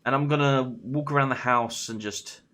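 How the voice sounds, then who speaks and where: A man's voice: mid-range voice, fairly even intonation, normal speed, sharp tone, natural voice. A man voicing a frightened young wife alone at night, talking to herself in hesitant, anxious bursts, in a storytelling retelling. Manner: hesitant, anxious self-talk.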